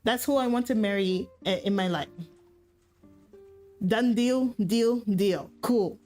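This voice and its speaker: A woman's voice: a little high, darkish tone, soft background music. A woman voicing a bossy noble girl who insists on marrying a boy. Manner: pushy, quick, decisive. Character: bossy noble girl claiming her fiancé.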